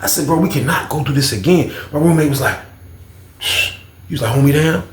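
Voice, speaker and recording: A man's voice: fairly high pitch, fairly quick, echoey room, slight background noise. A man casually retelling a prison story in slangy speech, acting out the other people's voices as he goes.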